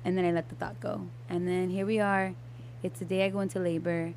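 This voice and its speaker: A woman's voice: fairly low pitch, little pitch movement, brisk, darkish tone, a little hiss or hum. A young adult woman telling a personal story in casual podcast chat, candid and swearing freely, with lots of fillers and restarts. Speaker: podcast guest.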